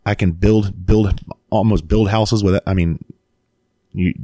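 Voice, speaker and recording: A man and father telling a story in casual chat, animated and swearing freely, laughing as he goes. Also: low-pitched, unhurried, no room sound, clean studio sound.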